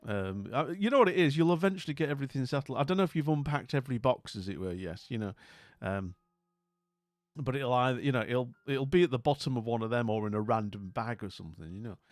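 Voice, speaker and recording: A man's voice: medium pitch, expressive, fast, dry recording, studio quality. A man hosting a live stream, chatting casually and rambling with lots of fillers.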